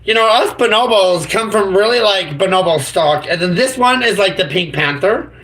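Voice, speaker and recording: A man's voice: sits high, lively intonation, normal speed, fairly bright tone, rough recording. A man chatting as a YouTuber on a live stream, goofy and rambling, full of silly made-up words.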